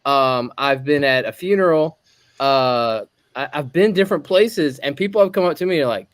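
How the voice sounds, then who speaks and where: A man with a mid-range, animated voice talks a little fast on a casual group podcast he co-hosts, with no room sound. He tells stories, acts out the exchanges he quotes, and laughs a lot.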